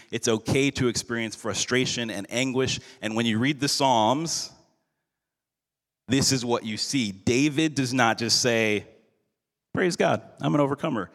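A male pastor giving a sermon in an earnest, measured way, slowing down for emphasis. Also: mid-range voice, fairly bright tone. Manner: earnest, measured preaching with slowed emphatic phrases. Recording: long hall reverb.

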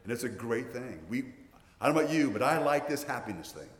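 A man's voice: mid-range voice, very animated, fast. A man in his sixties, a pastor preaching a sermon in earnest, often repeating words as he restarts his sentences. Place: church. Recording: roomy church hall reverb.

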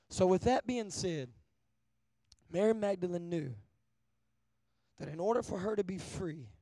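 A man preaching a sermon, asking the crowd for an amen, swinging from hushed to loud. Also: sits high, vocal fry, dry recording. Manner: call-and-response, asking amen often; shifts between hushed and loud.

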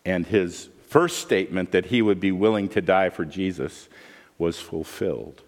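A man preaching a sermon as pastor, animated and humorous, acting out the voices he quotes. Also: low-pitched, unhurried, big-room sound.

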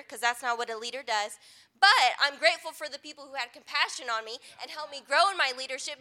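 A woman's voice: high-pitched, sharp tone. A young adult woman pastor giving an earnest, conversational sermon.

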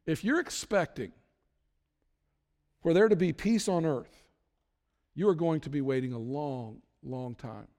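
High-voiced man preaching in a hall. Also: a little slow, pauses often, darkish tone. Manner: conversational, acts out worried inner voices. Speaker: pastor. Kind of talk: sermon. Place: large church hall. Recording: long hall reverb.

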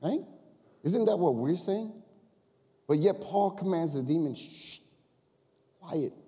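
Animated man preaching in a reverberant church. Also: sits high, a little slow. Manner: animated, conversational, rhetorical questions. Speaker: pastor. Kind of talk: sermon.

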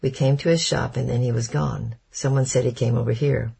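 A man's voice: mid-range voice, fairly even intonation, a little fast, creaky, mellow, slightly rough, exaggerated voice. A man voicing a cold, businesslike army captain in a storybook reading, snappish in manner. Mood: cool. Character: German captain, cool and menacing.

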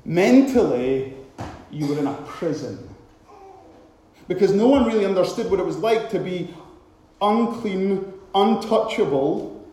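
High-voiced preacher in an echoey hall. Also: male voice. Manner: dramatic preaching, acting out shouted cries. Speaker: pastor. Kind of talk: sermon.

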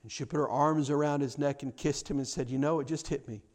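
A man preaching a sermon, telling a story and acting out its people, with repeated stammers, rising loud on key lines and dropping low. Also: steady tone, quick pace. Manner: impassioned, swells loud on key lines then drops low.

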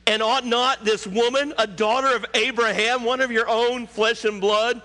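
A preacher shouting as an angry rebuking prophet. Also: male voice, very high-pitched, steady tone, quick pace, long reverb tail, pitched above the performer's own voice. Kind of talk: sermon with acted scripture quote.

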